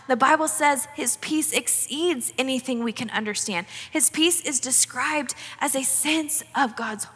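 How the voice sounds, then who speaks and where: A woman's voice: sits high, bright, forceful tone, slightly rough, long reverb tail. A young woman giving an earnest, conversational devotional talk, often restarting her sentences. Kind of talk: sermon-style devotional talk.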